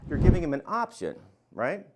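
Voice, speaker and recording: An older man teaching a real estate class, energetic and quizzing his students with questions. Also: a little high, normal speed, heavy background noise. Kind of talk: interactive classroom lecture.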